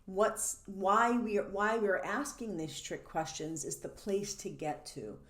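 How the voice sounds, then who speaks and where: A woman teaching as a coach in a lively, animated way, laughing between points and acting out the questions people ask. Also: mid-range voice, a little slow. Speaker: codependency coach. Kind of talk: teaching monologue. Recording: roomy echo.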